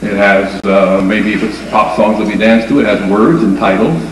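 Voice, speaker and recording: A man's voice: on the low side, normal speed. A man giving a lecture on dance music, explaining step by step and counting beats aloud. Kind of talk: lecture with demonstration. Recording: echoey room from far off with faint noise.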